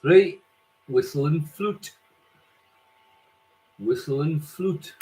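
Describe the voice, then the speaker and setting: A man hosting a quiz, reading out scores and questions slowly and repeating each question. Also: a little high, dark tone, poor audio. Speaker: quiz host.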